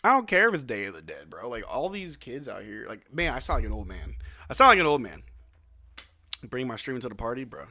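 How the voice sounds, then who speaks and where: A man hosting a casual live watch-along, calling plays excitedly at home and tossing in joking asides with lots of "bro.". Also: medium pitch, fast talker, few pauses. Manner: excitable play-by-play mixed with joking asides, says "bro" often. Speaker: live stream host.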